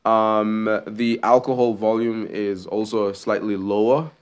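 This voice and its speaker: A man's voice: fairly low pitch, fairly even intonation, a little slow, smooth. A man co-hosting a podcast in casual chat, laughing often and trailing off mid-sentence. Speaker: podcast co-host.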